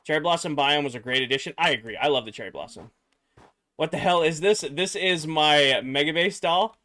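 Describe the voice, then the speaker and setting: A man's voice: fairly high pitch, a little fast. A young man, tired after work, chatting casually on a livestream and answering viewers while he builds. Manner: relaxed, chatty, reads chat aloud and mutters while building. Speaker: streamer.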